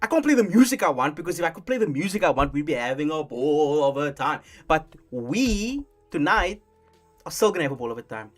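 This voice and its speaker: A young man from Africa, hosting a casual live stream in a rambling, animated way with many restarts. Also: on the high side, fairly quick. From South Africa. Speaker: streamer host. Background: faint lo-fi music.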